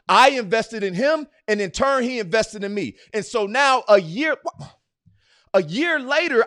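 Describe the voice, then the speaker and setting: A man hosting a podcast, giving a motivational talk in a casual, slangy way, driving his points home with repeated rhetorical questions that build to loud urging. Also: sits high, dry recording, studio quality. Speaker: podcast host. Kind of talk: motivational speech.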